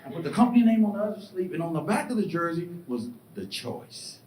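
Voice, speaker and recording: A middle-aged man giving a motivational keynote, telling stories with lively acted-out voices and questions to the crowd. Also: fairly quick. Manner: animated storytelling, acts out voices and asks the crowd questions. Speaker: keynote speaker. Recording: echoey hall, distant mic, faint rumble.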